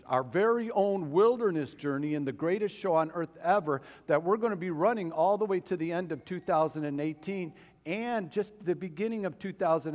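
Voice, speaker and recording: High-pitched guy preaching, keeps asking the crowd questions, big echoey church sound. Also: darkish tone. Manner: preaching, asks the congregation questions. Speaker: pastor. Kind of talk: sermon. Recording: long hall reverb.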